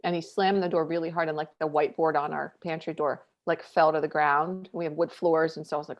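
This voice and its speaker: A woman in her thirties chats on a podcast, candid and animated, her talk full of casual fillers. Her voice sits a little low. The audio is dull and lo-fi. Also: a little fast, hardly any pauses. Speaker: podcast co-host.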